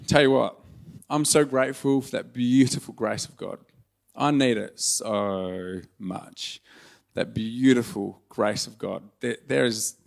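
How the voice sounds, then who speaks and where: A man's voice: a little high, vocal fry. A man preaching a sermon in a church, earnest and conversational, turning emotional and joking at his own expense. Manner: earnest, emotional and conversational, with self-deprecating humor. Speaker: pastor. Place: church hall.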